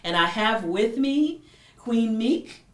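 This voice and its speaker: Woman host, animated storyteller, echoey room, mic at a distance. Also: a little high, slow pace. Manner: animated storyteller, acts out characters. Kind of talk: storytelling talk show. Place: room with guests.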